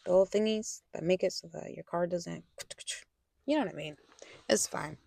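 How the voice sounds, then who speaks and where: A young adult woman vlogger speaks candidly in a personal vlog with a lowish, gravelly, dark-toned voice at a moderate pace, with no room sound. She rambles and corrects herself, sometimes dropping to a whisper.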